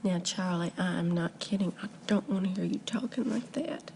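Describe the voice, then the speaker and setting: An actress playing a bubbly, devoted young wife in a television comedy, gushing chirpy reassurance. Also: female voice, fairly high pitch, sing-song, moderate pace, slight background noise.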